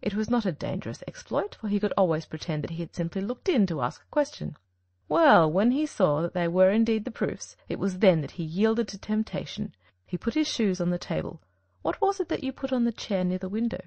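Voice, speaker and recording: A woman's voice: medium pitch, big pitch swings, brisk, darkish tone, no room sound. A woman reading an audiobook, voicing Sherlock Holmes as a shrewd, confident male detective with an emphatic delivery. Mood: explaining.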